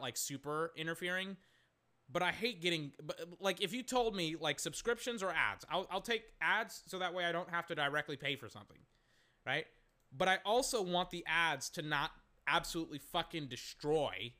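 A man's voice: a little high, pushed and bright. A young man rambling through a casual, profane solo sports talk show as its host. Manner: rambling, profane, restarts a lot.

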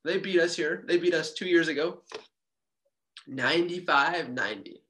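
A man hosting a casual sports podcast, talking as an excitable, jokey fan in fast bursts. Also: a little high.

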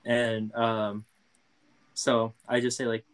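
A man chatting casually on a podcast, rambling a little and poking fun at himself. His voice is of ordinary middle pitch. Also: steady tone, a little fast, a bit bright, poor audio. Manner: self-deprecating, rambling. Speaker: podcast co-guest. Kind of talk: casual chat.

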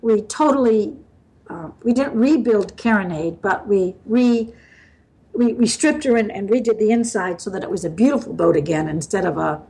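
An older woman from the US Midwest talks as a podcast guest. She tells her stories in a loose, meandering way, full of fillers and quick laughs. Her voice sits at an ordinary middle pitch. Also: darkish tone, rough recording. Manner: rambling, laughs often, many fillers. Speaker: guest sailor. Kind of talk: storytelling in a casual interview.

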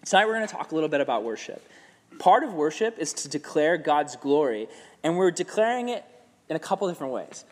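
A young man preaching to a youth group in a relaxed, slangy way. His voice sits a little high, and he often drops into playful crowd voices. The sound carries a long reverb, as in a hall. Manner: laid-back, slangy, says "like" often, acts out crowd voices. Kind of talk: casual sermon to a youth group.

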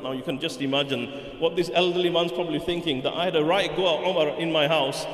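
A man preaching a sermon, telling a story with animated swings between loud and hushed. His voice sits a little high for a man. A long hall reverb hangs around each phrase. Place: mosque hall. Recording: echoey hall.

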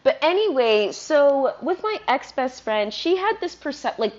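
A woman's voice: high voice, very animated, unhurried, darkish tone, dull audio. A woman from Virginia hosting a podcast, talking in a loose, rambling monologue with lots of swearing, recorded in her apartment. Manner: swears a lot, loose and ranting. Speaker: podcast host.

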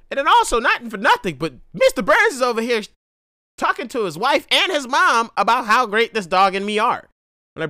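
A man's voice: sits high, wildly swooping pitch, normal speed, pushed and bright, dry recording, clean studio sound. A man telling a rambling story in a laid-back casual monologue, full of slang and restarts. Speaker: vlogger.

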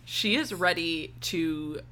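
Bright excitable woman podcaster. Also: on the low side, a little hiss or hum. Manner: excitable, swearing, quick to laugh. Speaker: podcast co-host. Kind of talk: casual recap chat.

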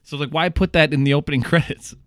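A man's voice: fairly high pitch, fairly even intonation, fast talker, fairly bright tone, dry recording, studio quality. A young adult man hosting a casual movie-review podcast, laughing often and swearing casually. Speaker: podcast host.

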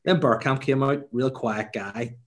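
A young man, telling a funny story in casual chat, animated and laughing, swearing freely. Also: mid-range voice, a little slow.

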